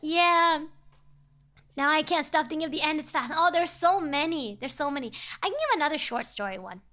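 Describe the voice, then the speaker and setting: A woman's voice: high voice, expressive, fairly quick, pushed and bright. A young woman streamer telling a story in a casual, rambling way, often repeating herself.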